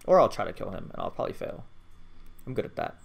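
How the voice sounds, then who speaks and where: Guy swearing through his gameplay, lively jumpy pitch, mutters then yells. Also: fast talker, vocal fry. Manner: swears constantly, swings from low muttering to loud excited outbursts. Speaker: gamer. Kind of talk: live gameplay commentary.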